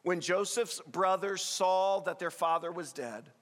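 A man's voice: high-pitched, measured pace, fairly bright tone, big-room sound. A male pastor giving an earnest, conversational sermon, rising with emphasis on key points.

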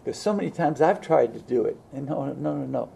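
Gravelly-voiced man preaching a folksy sermon. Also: mid-range voice, expressive, warm tone. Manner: folksy, halting, with frequent fillers and restarts. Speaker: pastor.

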